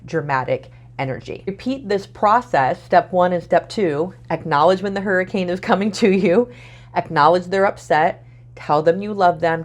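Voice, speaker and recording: A woman relationship coach giving calm, earnest advice straight to camera. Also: fairly low pitch. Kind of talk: direct-to-camera coaching talk.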